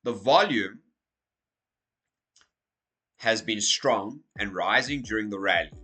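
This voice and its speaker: A man with a hoarse, croaky voice talking casually through crypto market commentary, energetic and checking in with "okay?" as he goes. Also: fairly low pitch, takes it slowly. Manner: energetic, repeats okay and so as you can see. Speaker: crypto YouTuber.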